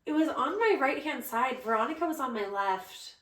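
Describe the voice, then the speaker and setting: A woman's voice: high-pitched, moderate pace. A young woman co-hosting a podcast, animatedly telling a story in casual chat and acting out what others said. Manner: animated storyteller acting out quoted voices, chatty. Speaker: podcast co-host, the bride. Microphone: podcast microphone. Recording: roomy, distant mic.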